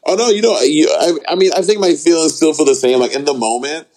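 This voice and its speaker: A man chatting casually as a guest. He uses playful, profane slang and jumps into high-pitched exclamations. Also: fast talker, darkish tone, rough recording. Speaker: podcast host appearing as a guest. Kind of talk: casual chat.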